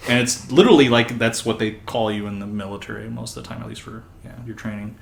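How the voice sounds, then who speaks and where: A man's voice: on the low side, steady tone, fast talker, vocal fry. A young man on a podcast, telling army stories in a laid-back, rambling and crude way. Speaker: podcast guest. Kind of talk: casual storytelling chat. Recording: echoey room, faint background noise.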